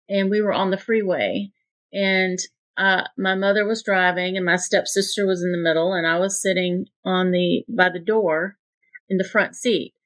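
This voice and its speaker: A woman's voice: medium pitch, fairly bright tone. A woman in her fifties, a guest in an interview, earnestly telling a heartfelt personal story. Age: 50s.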